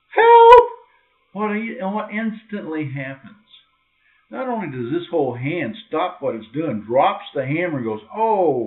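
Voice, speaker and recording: A man preaching an informal sermon to a small group, acting out quoted voices with sudden high, loud cries. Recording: tinny, phone-like lo-fi recording.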